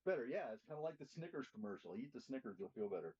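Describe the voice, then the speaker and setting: A middle-aged man leads a church class with a mellow, slightly husky voice. He speaks plainly and keeps asking the room questions. The recording sounds dull and lo-fi. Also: mid-range voice, sing-song, fast talker. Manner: plainspoken, asks the group questions. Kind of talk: interactive teaching talk.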